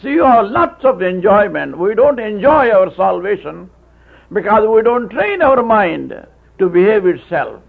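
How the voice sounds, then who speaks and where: Male preacher, husky gravelly voice, halting restarts, lo-fi phone-like sound. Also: high-pitched, sing-song. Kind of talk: sermon. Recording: tinny phone-like old tape.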